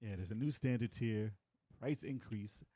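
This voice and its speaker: A man's voice: moderate pace, dry recording. A man co-hosting a video game podcast, chatting casually, laughing often and acting out quotes. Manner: animated, laughs often, acts out quotes in a high voice. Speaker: podcast co-host. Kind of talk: casual chat.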